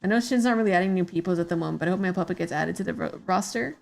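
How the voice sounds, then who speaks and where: A woman's voice: on the low side, very fast, creaky, soft background music. A woman streamer chatting casually while she draws, rambling with many fillers and hesitations. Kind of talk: casual chat while drawing.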